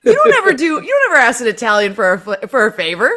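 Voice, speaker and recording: A woman telling a story on a podcast, animated, acting out quotes and swearing freely. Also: fairly high pitch, rapid-fire. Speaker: podcast guest. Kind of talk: casual chat.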